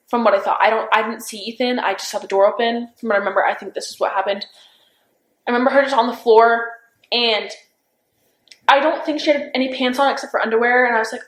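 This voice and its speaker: A young woman in her twenties recounting events in a recorded police interview, halting and unsure, with constant fillers and restarts. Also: on the high side. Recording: roomy interview room recording.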